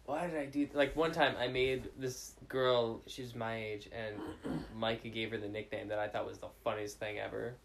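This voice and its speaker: A young man chatting with friends, telling stories quickly and teasing playfully. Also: mid-range voice, steady tone, vocal fry, a bit bright. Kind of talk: casual chat among friends.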